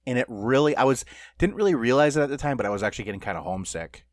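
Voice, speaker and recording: A man's voice: medium pitch, lively intonation, rapid-fire, no room sound, studio quality. A middle-aged man co-hosting a podcast, telling stories in a loose, rambling way with lots of fillers and laughs. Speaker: podcast co-host. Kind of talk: casual podcast chat.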